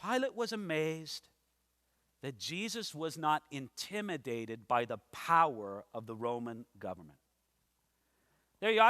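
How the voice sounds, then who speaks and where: In a church with long hall reverb, a man delivers an expository sermon with a slightly high, sing-song, unhurried voice and a sharp tone. Dramatic and emphatic, he performs the people from the scripture story as he goes.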